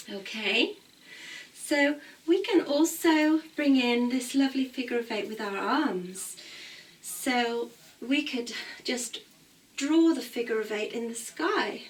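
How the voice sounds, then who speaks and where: A woman's voice: on the high side, distant mic. Woman counting a dance class. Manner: calm, counts beats aloud while dancing. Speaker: belly dance teacher. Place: home room. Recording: voice picked up from across the room.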